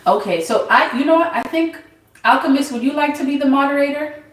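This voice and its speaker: A woman hosting a casual tarot livestream, reading viewers' names from the chat and answering them in an unhurried way. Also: high-pitched, roomy sound, far from the mic, poor audio. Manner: unhurried, reads chat names aloud, laughs easily.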